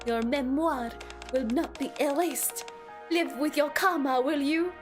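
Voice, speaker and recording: A smug, purring villain in a put-on French accent, as a woman streamer acts it out, pitched high above the loud game music. Each line is theatrical and teasing, like a game cutscene read aloud. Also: unhurried. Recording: game music playing loudly behind.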